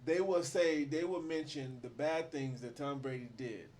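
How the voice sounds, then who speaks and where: A man's voice: fairly high pitch, moderate pace, darkish tone, a little hiss or hum. A man co-hosting a casual sports talk show, easygoing and agreeable, often backing up his partner. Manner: easygoing, agreeable, often backs the other speaker up.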